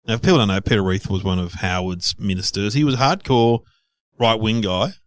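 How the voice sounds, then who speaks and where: A middle-aged Australian man co-hosting a podcast, chatting casually and telling anecdotes with lively impressions of others. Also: on the low side, brisk, dry recording. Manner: storytelling, animated impressions of others. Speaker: podcast co-host, comedian. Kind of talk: casual chat.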